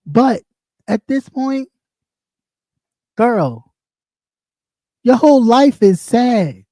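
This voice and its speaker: A man's voice: very high-pitched, very animated, drawn-out words, warm tone, no room sound, studio quality. A man ranting on a livestream, mocking and heated, swearing constantly. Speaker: livestream host. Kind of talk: profane livestream rant.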